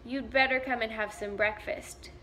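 A woman's voice: a little high, steady tone, normal speed, sharp tone, slight background noise. A woman voicing a cheerful, bold little girl in a storybook, speaking in eager exclamations. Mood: bossy, surprised.

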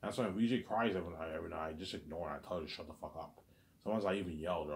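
A man's voice: low-pitched, rapid-fire. A man delivering a rambling, agitated vlog monologue, stammering and repeating himself. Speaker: vlogger.

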